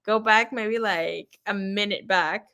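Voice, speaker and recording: Woman tarot reader rambling on a livestream, swears a lot, laughs a lot, mid pitch. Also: slow, pushed and bright. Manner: chatty, profane storytelling; laughs often. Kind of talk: casual livestream chat.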